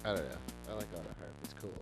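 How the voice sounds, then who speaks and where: A man's voice: deep voice, racing, vocal fry, loud music behind the voice. A man hosting a casual chat, rambling enthusiastically with many stumbling restarts. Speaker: show host.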